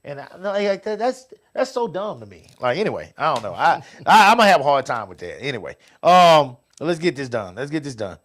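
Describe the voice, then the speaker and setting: Older guy w/ high voice, rambling host chat, keeps repeating himself. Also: very animated, brisk, few pauses, fairly bright tone. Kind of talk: casual talk show chat.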